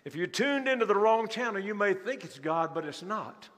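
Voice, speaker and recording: Male pastor, high-pitched, repetitive sermon delivery in a large hall. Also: lively intonation, moderate pace, fairly bright tone. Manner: rhetorical questions to the congregation, repeats key phrases. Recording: long hall reverb.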